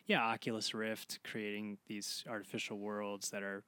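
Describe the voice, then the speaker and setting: A man's voice: on the low side, little pitch movement, normal speed, sharp tone, smooth, dry recording. A man co-hosting a book podcast, musing aloud with many fillers and restarts. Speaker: podcast co-host. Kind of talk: casual book-club chat.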